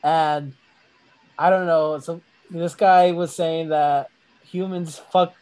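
A young man with a notably high voice chats loosely on a podcast. He rambles through stories full of profanity and breaks into laughter often. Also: fairly even intonation, slow pace, a little mellow, rough recording. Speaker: podcast co-host. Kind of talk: casual chat.

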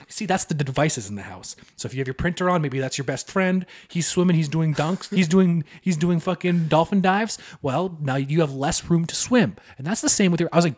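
Young male co-host, higher voice, profane animated ranter. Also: fast. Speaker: podcast co-host. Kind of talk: casual chat.

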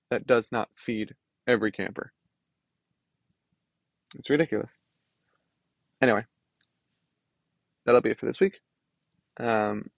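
Young man, gravelly voice, dry close sound, casual rant, lots of fillers. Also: mid-range voice, no echo, muffled recording. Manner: ranting, frustrated, many "like" fillers. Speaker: podcast host. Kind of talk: casual solo podcast monologue.

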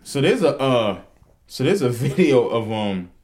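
A man co-hosting a podcast in casual chat, teasing the others in animated slang. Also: mid-range voice, a little slow. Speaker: podcast co-host.

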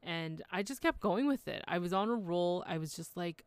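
Low, gravelly-voiced woman podcast host. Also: moderate pace, few pauses, no echo. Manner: chatty, heartfelt, reflective. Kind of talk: solo podcast monologue.

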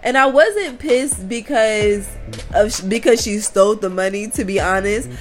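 A woman spiritual vlogger talks candidly to her viewers in a casual monologue, her medium-pitched voice worn from recent crying. Speaking at a normal speed, she confides in them and laughs through her frustration. Soft music plays in the background.

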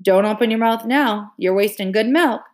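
A woman's voice: a little high, moderate pace, natural voice. A woman reading aloud, voicing a plainspoken country boy in a dry, blunt manner. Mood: teasing.

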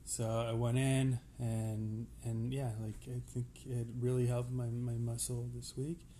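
Slow-talking co-host, mellow low voice, halting delivery, faint background hiss. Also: flat delivery. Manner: halting, many fillers and restarts, unhurried. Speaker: podcast co-host. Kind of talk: casual chat.

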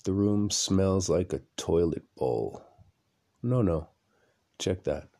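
A man with a very low, gravelly voice and a dark, mellow tone tells a rambling story for his podcast. He speaks slowly and bluntly, repeating phrases for effect, from a room at home at night. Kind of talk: casual storytelling monologue.

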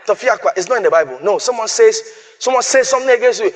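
A male preacher with a fairly high voice. He drives points home by repeating lines and quoting scripture. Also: expressive, quick pace. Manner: emphatic, repeats phrases, quotes scripture. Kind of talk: sermon.

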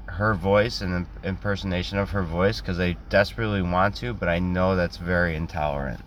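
A man's voice: low-pitched, steady tone, fairly quick, a bit bright, a little hiss or hum. A young man telling a rambling, self-deprecating comic story in a casual way, acting out quotes in other voices.

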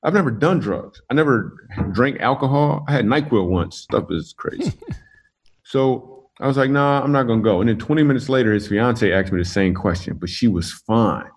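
A man, a comedian, telling funny personal stories in an interview, animated and laughing through his jokes. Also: medium pitch, moderate pace, slight background noise. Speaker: comedian guest. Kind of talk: casual interview storytelling.

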